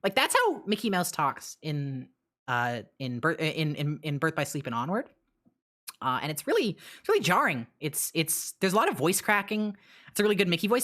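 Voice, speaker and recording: Answering her live chat, a streamer woman talks casually into a desk mic, blunt and rambling with fillers and restarts. Though her voice sits low, it swings widely in pitch, brisk and a bit bright.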